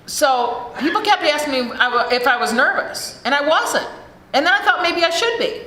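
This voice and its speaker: A woman's voice: high voice, animated, moderate pace, bright, forceful tone. A middle-aged American woman giving a frank, profane recovery talk at a meeting, speaking into a podium mic in a large hall. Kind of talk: recovery share speech. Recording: echoey hall with faint room noise.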